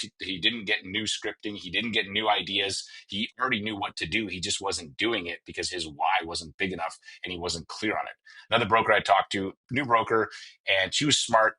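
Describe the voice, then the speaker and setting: A man with a husky voice, hosting an energetic, emphatic motivational podcast and telling stories with quoted dialogue. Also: low-pitched, rough recording. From Canada. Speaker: podcast host and mortgage coach. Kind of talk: motivational solo podcast talk.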